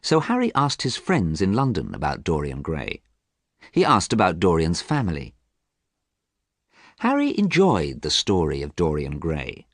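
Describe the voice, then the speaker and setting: A man with a low, deep voice reads a simplified story aloud. His delivery is slow, clear and even, and his intonation rises and falls with lively movement. The recording is dry and close, with no room sound. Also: no echo. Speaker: audiobook narrator. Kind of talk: scripted graded-reader narration.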